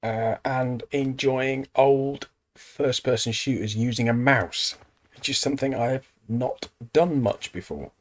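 A man's voice: medium pitch, unhurried. English man, let's play host, casual commentary, wry self-mocking asides. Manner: chatty, self-deprecating asides to the game.

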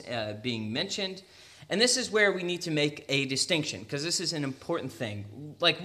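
Young american guy preaching, bright tense voice, chatty with lots of little laughs. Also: a little high. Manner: conversational, laughs often, quick asides and restarts. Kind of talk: sermon.

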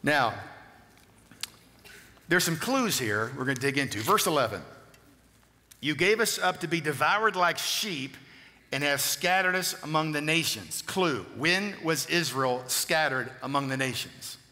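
A man preaching a sermon, reading long scripture passages aloud and checking in with quick questions to the congregation. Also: on the high side, lively intonation, sharp tone. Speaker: pastor. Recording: long hall reverb.

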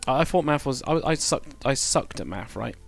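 A man's voice: mid-range voice, animated, normal speed, gravelly, soft background music. A man chatting casually to viewers on a live stream, rambling and correcting himself as he goes. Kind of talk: casual live-stream chat while building.

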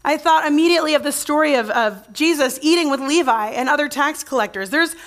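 Chatty woman pastor, fairly high voice. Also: brisk, a bit bright. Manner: chatty storytelling with frequent restarts, addresses the congregation directly. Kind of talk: conversational sermon. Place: church.

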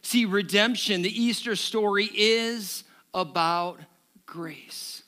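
A male pastor giving a sermon, animated and joking with the congregation. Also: high voice, measured pace. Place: church service.

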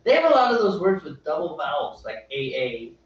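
Lively high-voiced man rambling in echoey room. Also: a little fast. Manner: rambling, animated storyteller. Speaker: homebrew livestream host. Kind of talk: casual chat. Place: home brewing spot. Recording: echoey, distant, dull room audio.

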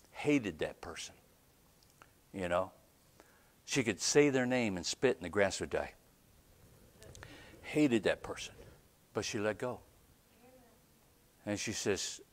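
A man preaching a storytelling sermon as a pastor, animated, often checking in with "right?" and laughing between lines. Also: on the low side. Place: church.

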